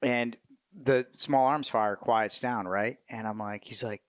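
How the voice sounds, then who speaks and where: Profane, animated middle-aged man storyteller. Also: mid-range voice, measured pace, smooth, dry recording, studio quality. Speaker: interview guest, military veteran. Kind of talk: casual storytelling interview.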